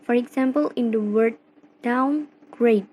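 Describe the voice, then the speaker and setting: A young woman from Indonesia with an Indonesian accent, reading a class presentation slowly and carefully, phrase by phrase. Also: a little high, darkish tone, a little hiss or hum, rough recording. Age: young adult. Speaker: student presenter. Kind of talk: read-aloud class presentation.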